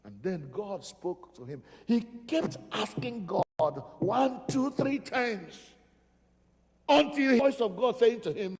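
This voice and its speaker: A man's voice: high voice, animated, takes it slowly, darkish tone. A man preaching a sermon as pastor, emphatic and repeating phrases for stress. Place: church sanctuary. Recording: reverberant church hall.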